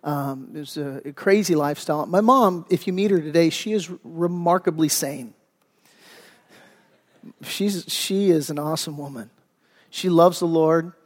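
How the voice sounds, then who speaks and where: A middle-aged man with a fairly high voice preaches to his congregation in a relaxed, conversational way, often restarting his sentences. His voice rings out with a long reverb in a church sanctuary. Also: moderate pace. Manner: conversational storytelling with frequent restarts and fillers. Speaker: pastor. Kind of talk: sermon.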